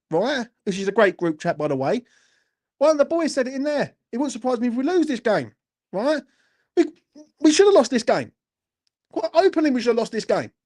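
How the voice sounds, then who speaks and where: A man's voice: very high-pitched, darkish tone. A man hosting a fan channel, delivering a furious, heavily sweary post-match football rant and often asking the viewer if they follow him. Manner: furious, heavily sweary, keeps asking "do you know what I mean".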